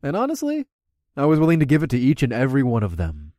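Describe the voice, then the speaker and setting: A man narrating a first-person audiobook in a steady, wry way. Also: medium pitch, fast talker, dry recording, clean studio sound.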